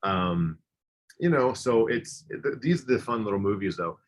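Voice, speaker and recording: A man co-hosting a podcast chats casually and enthusiastically in a fairly low voice with lively intonation and moderate pace. He rambles, using lots of fillers.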